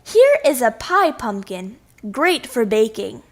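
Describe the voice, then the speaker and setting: A woman voicing a kindly, patient schoolteacher who speaks calmly and gently. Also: on the high side, takes it slowly, exaggerated voice.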